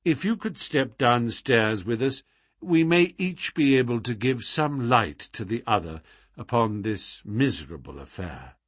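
A man reading as a brisk, commanding detective, eager and quick to give orders. His husky voice leaps up and down, close and dry. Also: medium pitch, expressive, no room sound.

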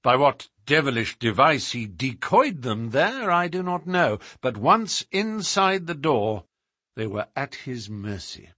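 A man reading a story aloud in the first person, speaking as a shrewd male detective who recounts a case in a measured, precise way. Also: mid-range voice, dry recording, studio quality, heavily acted. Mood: explaining. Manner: measured, precise, lively emphasis. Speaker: audiobook reader.

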